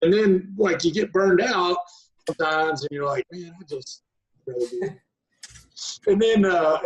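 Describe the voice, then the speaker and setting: A man hosts a podcast interview in a somewhat higher voice. He speaks haltingly, stops partway and repeats his words as he searches for what he wants to say. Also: highs cut off. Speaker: podcast host.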